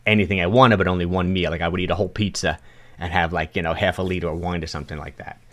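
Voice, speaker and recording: A man with a fairly low voice and a strong New York accent, coaching viewers on a fitness livestream. He talks casually and encouragingly, often stopping and restarting his sentences as he answers chat. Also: level tone, racing, fairly bright tone.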